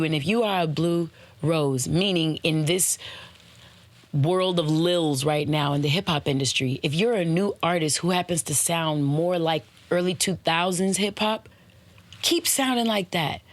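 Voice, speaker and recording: A woman's voice: sits low, normal speed, no echo. A woman hosting a podcast, giving casual motivational talk and slipping into playful voices for examples. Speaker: podcast host.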